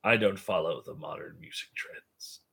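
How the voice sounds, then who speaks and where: A man's voice: sits low, moderate pace, creaky, bright, forceful tone, a little hiss or hum. A man playing in an online tabletop game, asking rules questions and making wry jokes. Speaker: player. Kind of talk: casual chat during a tabletop game.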